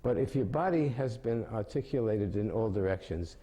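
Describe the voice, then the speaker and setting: A man's voice: moderate pace, slightly rough. Man in his seventies telling stories. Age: 70s. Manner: animated storytelling with big pitch jumps. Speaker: mime and storyteller. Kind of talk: telling jokes and explaining mime.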